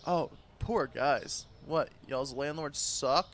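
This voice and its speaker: A man's voice: a little high, slow, a bit bright, a little hiss or hum. A man giving crude, joking commentary while playing a game, trash-talking the characters on screen and laughing often. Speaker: gaming YouTuber. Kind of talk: gameplay commentary.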